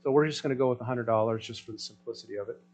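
A man preaching a sermon in a conversational way, checking in with the congregation through rhetorical questions and swinging between loud emphasis and soft asides. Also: mid-range voice, rapid-fire, rough recording. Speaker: pastor.

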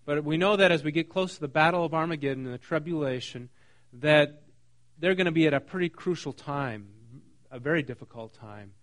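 A man with a somewhat high voice preaches in a chatty, teaching way. He keeps it conversational, pausing on fillers and checking in with his listeners. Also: a bit bright. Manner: conversational, asks the room questions, frequent ums. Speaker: pastor. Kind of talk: sermon.

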